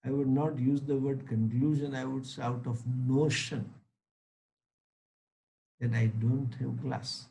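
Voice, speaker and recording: Slow, deliberate male spiritual teacher. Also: medium pitch, vocal fry, low-quality recording. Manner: deliberate, anecdotal, emphatic. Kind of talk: religious lecture with a story.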